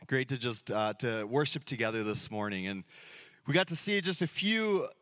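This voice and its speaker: Male pastor in his thirties, casual storyteller, mid-pitched, close and dry. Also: expressive, moderate pace, a bit bright, no room sound. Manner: casual, storytelling, acts out dialogue playfully. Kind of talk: sermon. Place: church sanctuary.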